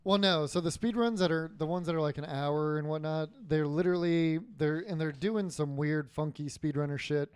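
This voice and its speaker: A man's voice: on the high side, moderate pace, few pauses, a little mellow, clean tone, no room sound. A man co-hosting a podcast, reading gaming news casually with many fillers and loose chat. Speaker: podcast co-host.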